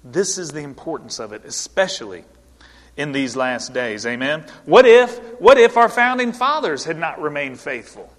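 A man's voice: on the high side, lively intonation, moderate pace, fairly bright tone. A male pastor preaching an earnest, emphatic sermon to his congregation in a church. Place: church sanctuary. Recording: long hall reverb.

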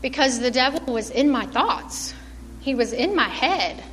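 A woman's voice: high voice, expressive, measured pace, fairly bright tone. A middle-aged woman giving an informal church sermon, earnest and self-deprecating, laughing often. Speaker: lay preacher. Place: church hall. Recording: long hall reverb, faint room noise.

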